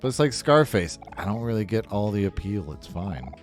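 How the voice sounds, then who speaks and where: A man's voice: on the low side, big pitch swings, moderate pace, faint music behind. A man casually commentating his own game playthrough, rambling and swearing freely as he gives blunt opinions. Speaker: gaming video host. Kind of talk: casual let's-play commentary.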